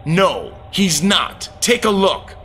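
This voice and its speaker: A man doing a slow, taunting Satan. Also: high voice, big pitch swings, sharp tone, a little hiss or hum, heavily acted. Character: menacing male Satan, cruel and mocking.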